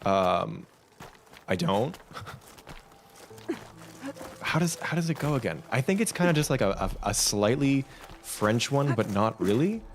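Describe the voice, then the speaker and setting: A man's voice: medium pitch, measured pace, pauses often. A man chatting casually on a live stream while playing a game, rambling and talking to his chat. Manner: rambling, lively, talks to himself and chat.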